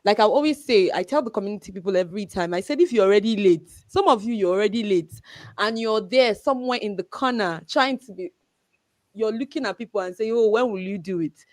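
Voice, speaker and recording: A woman's voice: medium pitch, a little fast, dry recording. A woman hosting a live community session, thanking speakers and introducing the next one with enthusiasm. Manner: enthusiastic, encouraging. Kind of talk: hosting a live online event.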